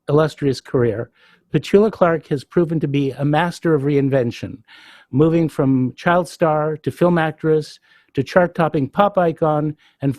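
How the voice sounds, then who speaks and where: A man's voice: fairly high pitch, darkish tone, dry recording. A man hosting an interview, introducing his guest with effusive praise and asking about her childhood. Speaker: podcast host.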